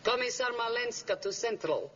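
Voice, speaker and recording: A woman's voice: fairly high pitch, lively intonation, moderate pace, a bit bright. An actress playing a cold, commanding female secret-police commissar who gives curt, scornful orders. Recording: dull 1960s TV soundtrack with hiss.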